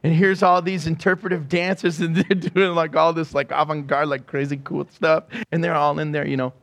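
A middle-aged man preaching a sermon in a church, animated and storytelling, acting out quotes and often laughing. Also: on the high side, normal speed, vocal fry. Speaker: pastor.

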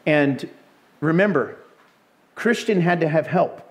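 A man preaching a sermon with animated storytelling and frequent laughter. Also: a little high, takes it slowly.

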